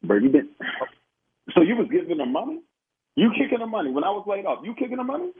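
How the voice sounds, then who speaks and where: Furious man shouting down a phone line. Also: high-pitched, sing-song, fast, slight background noise. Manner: angry, profane, stammering. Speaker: prank call target. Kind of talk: heated phone argument.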